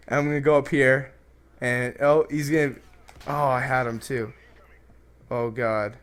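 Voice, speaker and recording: A man hosting a comedic advice vlog and shouting hyped gameplay commentary, brash and crude with constant jokes. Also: medium pitch, fairly even intonation, measured pace, long pauses, clean tone. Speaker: YouTube host.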